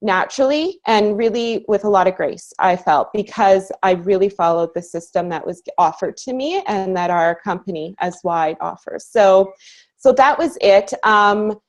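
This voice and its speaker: A woman's voice: medium pitch, a little mellow, muffled recording. Earnest, enthusiastic woman sharing her story. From Canada. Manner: earnest and enthusiastic, laughs easily, many "you know"s. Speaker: guest speaker on a training call. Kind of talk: personal story in casual conversation.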